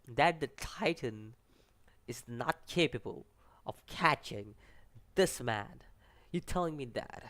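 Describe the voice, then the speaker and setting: A man with a non-native English accent, casually reviewing an anime episode, rambling and animated, stumbling over names and restarting sentences. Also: mid-range voice, takes it slowly, pauses often.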